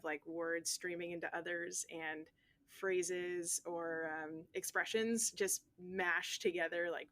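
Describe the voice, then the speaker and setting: Chatty woman from Nova Scotia, lower voice. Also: a bit bright. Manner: chatty, many fillers like "um" and "like". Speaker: interviewee. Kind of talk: casual recorded interview.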